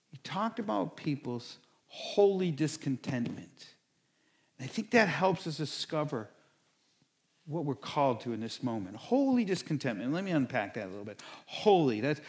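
An animated middle-aged pastor preaching a sermon, his voice a bit high for a man and swinging widely in pitch. He acts out people's reactions in sudden bursts, then drops back to a quieter, earnest tone.

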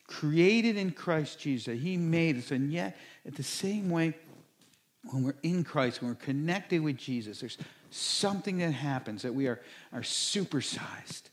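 A middle-aged man preaching a sermon as a pastor, acting out people's reactions in bursts. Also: a little slow. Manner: animated, acts out quoted reactions with sudden high-pitched bursts.

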